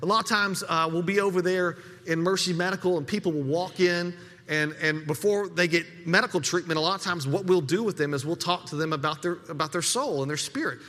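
Pastor, male, high and bright voice, talks through his sermon casually with stuttered restarts, hall reverb. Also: fairly quick. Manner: conversational preaching with frequent repeated words.

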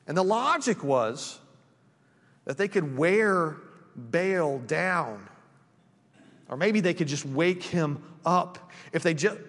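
A man's voice: high-pitched, in a large hall. A male pastor preaching a conversational sermon, with frequent restarts and friendly asides. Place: church sanctuary.

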